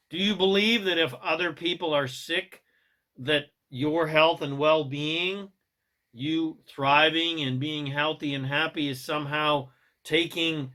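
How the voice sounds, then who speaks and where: Preachy self-help guy, bright voice kinda high, punchy and emphatic. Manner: emphatic, preachy, swings between loud and soft. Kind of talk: motivational monologue.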